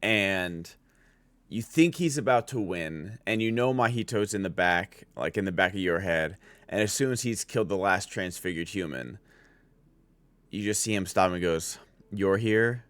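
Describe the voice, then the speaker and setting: A man's voice: low-pitched, moderate pace, fairly bright tone, no echo. A man giving a casual spoken anime review as a streamer, rambling with many filler words and restarts.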